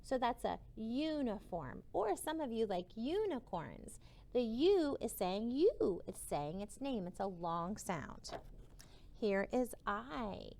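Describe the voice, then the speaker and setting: A woman teacher giving a slow phonics lesson to young children, sounding out each vowel and gently encouraging them. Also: a little high, sing-song, vocal fry. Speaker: kindergarten teacher.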